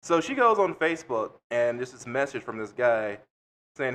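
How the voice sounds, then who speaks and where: A man's voice: mid-range voice, normal speed. A man co-hosting a podcast, telling a story in casual chat with blunt, profane delivery. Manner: blunt, profane, animated retelling. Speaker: podcast co-host.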